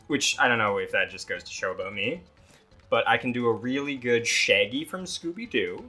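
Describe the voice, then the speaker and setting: A man chats casually while co-hosting a gaming show. He jokes and laughs often in a very bright, sharp voice with mid-range pitch. Faint music plays underneath. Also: animated, breathy edge. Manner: jokey, laughs often, drops into quick impressions. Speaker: podcast co-host.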